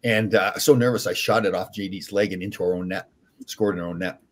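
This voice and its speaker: An older man, a former hockey player, telling animated stories as a podcast guest with many restarts. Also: deep voice, brisk. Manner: animated, rambling anecdotes with frequent restarts. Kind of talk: casual storytelling.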